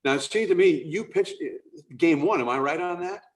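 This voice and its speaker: A man's voice: on the high side, moderate pace. A man hosting, asking long, meandering questions with fillers in a casual interview. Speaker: broadcaster, host.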